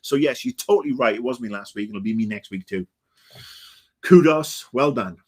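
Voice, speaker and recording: A man's voice: fairly low pitch, fast. A man in his fifties hosting a livestream, chatting in a rambling, grumpy, swearing way full of ums and uhs. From Britain. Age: 50s. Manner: rambling, grumpy and profane, with many fillers. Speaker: livestream host. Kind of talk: casual chat.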